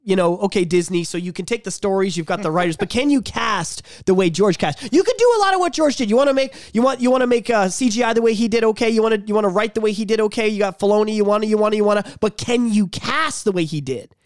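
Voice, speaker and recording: Excitable high-voiced man chatting. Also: fast, few pauses, dry recording, clean studio sound. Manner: excitable, swears a lot, acts out scenes in voices. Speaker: podcast host. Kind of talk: casual chat.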